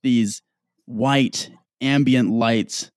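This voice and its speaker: Young man, casual storyteller, animated, dry close sound. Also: medium pitch, extremely slow, smooth, dry recording. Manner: animated, swearing, acts out others in dialogue.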